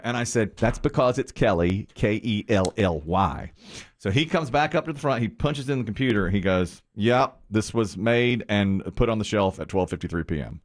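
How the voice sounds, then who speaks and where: A man hosting a morning radio show, telling a story in an animated way and acting out the quoted lines. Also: fairly low pitch, moderate pace. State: sweaty from the gym.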